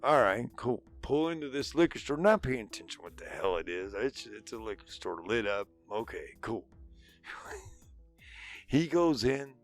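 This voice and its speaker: A man's voice: mid-range voice, sing-song, normal speed, soft background music. A middle-aged man, a father and podcast co-host, telling a long, profane anecdote in casual chat and acting out the dialogue. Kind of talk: casual storytelling.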